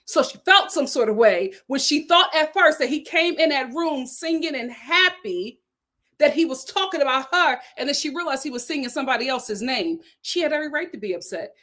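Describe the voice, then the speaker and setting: A woman talks animatedly and bluntly as a vlog host, recapping a show with plenty of sass. Her voice sits a little high. Her delivery stays casual and opinionated. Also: fairly bright tone. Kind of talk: casual reality-TV recap commentary.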